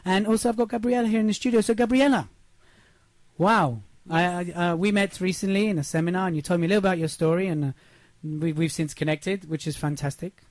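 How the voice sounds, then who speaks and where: A man's voice: high voice, fairly even intonation, fast, no room sound. A man hosting a motivational radio show in a studio, talking emphatically and often checking in with "yes?". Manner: emphatic, repeats points, asks "yes?". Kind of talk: upbeat motivational radio talk. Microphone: studio microphone.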